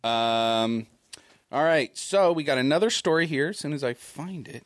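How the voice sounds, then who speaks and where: A man's voice: fairly high pitch, normal speed, dry recording. A man hosting a casual talk show, reading news items aloud with wry comments. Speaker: news-segment host.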